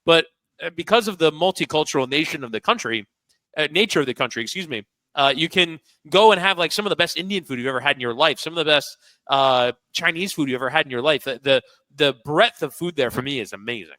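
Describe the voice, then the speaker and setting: A man's voice: fairly high pitch, expressive, fast, pushed and bright, no room sound, low-quality recording. A man who works as a soccer broadcaster, chatting enthusiastically as a guest and restarting his sentences often. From United States. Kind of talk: casual phone-in chat.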